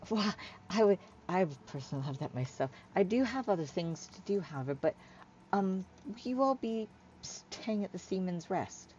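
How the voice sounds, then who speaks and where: A woman's voice: mid-range voice, expressive, normal speed, mellow, highs cut off, a little hiss or hum, pitched above the performer's own voice, natural voice. A woman playing a stammering shy tailed girl. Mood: nervous. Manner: nervous, stammering, trailing off. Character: awkward shy young woman with a tail.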